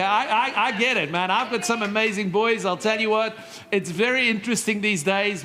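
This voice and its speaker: Bright high-voiced male pastor preaching. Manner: lively storytelling with asides and humor. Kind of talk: sermon. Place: church stage.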